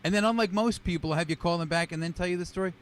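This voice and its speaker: A man's voice: high voice, rapid-fire. A man doing a wisecracking, self-deprecating stand-up routine over a video call. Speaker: stand-up comedian. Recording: noisy video call audio.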